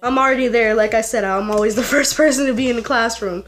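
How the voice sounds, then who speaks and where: A woman's voice: a little high, quick pace. A woman telling a story to the camera in a rambling, casual way, full of fillers and restarts. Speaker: vlogger. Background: faint music.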